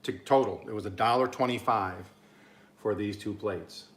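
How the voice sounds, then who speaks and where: Low-voiced man from Oklahoma, casual home-cooking vlogger, rambling and self-amused. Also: moderate pace. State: talking with mouth full at times.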